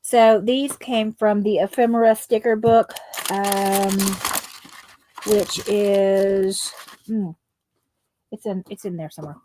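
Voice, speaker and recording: A woman's voice: mid-range voice, fairly even intonation, slow pace, pauses often, warm tone, a little hiss or hum. A woman chatting casually on a craft livestream, rambling with lots of ums and asides to her viewers.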